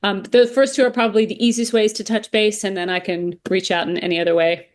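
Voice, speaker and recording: A woman's voice: medium pitch, steady tone, fast. A woman, a voice coach speaking as a podcast guest, earnest and emphatic, often repeating phrases. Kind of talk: interview conversation.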